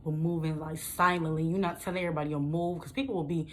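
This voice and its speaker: A young woman talks straight to her viewers in an easygoing vlog. Her voice sits a little low, and she jumps up in pitch to make a point. She keeps things loose and animated and laughs often. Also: quick pace, slight background noise. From Detroit, USA. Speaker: vlogger. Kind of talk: casual storytelling to camera.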